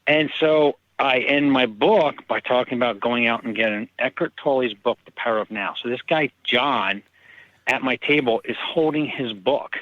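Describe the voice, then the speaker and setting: A man, an author, telling personal stories in casual conversation and lively acting out the people in them. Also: medium pitch, normal speed, dry recording, lo-fi sound. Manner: animated, acts out quoted people. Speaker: author guest. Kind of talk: casual storytelling.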